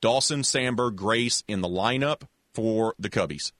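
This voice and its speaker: Lively, low-voiced man telling a story. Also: measured pace, no room sound, studio quality. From American South. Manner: animated storyteller with many restarts, acts out voices. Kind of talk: casual storytelling chat.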